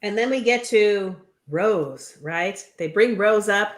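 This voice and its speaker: A woman's voice: mid-range voice, slow pace, reverberant. A woman co-hosting a casual chat, retelling reality show scenes from her notes. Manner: laughs often, retells scenes. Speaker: co-host.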